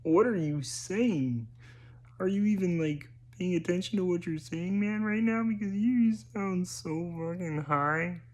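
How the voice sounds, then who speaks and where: A man putting on a shrill, incredulous voice that scolds him. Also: measured pace.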